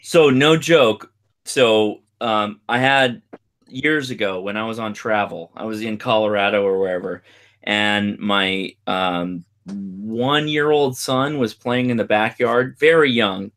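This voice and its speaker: A man hosting a casual podcast chat, telling stories in an animated, excitable way. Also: fairly low pitch, a little slow. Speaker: podcast host.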